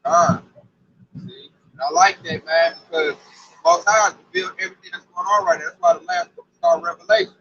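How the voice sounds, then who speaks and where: A man preaching in loose, excitable chat, riffing and exclaiming between scripture readings. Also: sits high, brisk, dull audio, a little hiss or hum. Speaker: street preacher.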